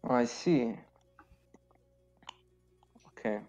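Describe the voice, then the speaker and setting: A man's voice: mid-range voice, extremely slow, darkish tone, muffled recording, faint music behind. A man playing in a tabletop game, talking hesitantly with many fillers. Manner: hesitant, many ums and restarts. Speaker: player. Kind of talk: casual tabletop play.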